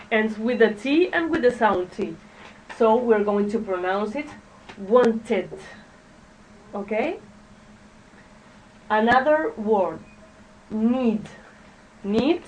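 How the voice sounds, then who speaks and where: A fairly high-voiced woman leads a classroom pronunciation drill, talking very slowly and haltingly and asking the class to repeat words. She is picked up from a distance in the room. Faint noise sits under her voice. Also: darkish tone. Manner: slow, halting, checks in with "okay?" and has the class repeat words. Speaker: English teacher.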